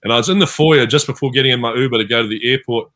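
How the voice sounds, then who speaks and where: Over a video call, a New Zealand man guests on a casual online fan panel, racing along at medium pitch with a slightly bright sound. He's a chatty storyteller who performs the lines people said to him.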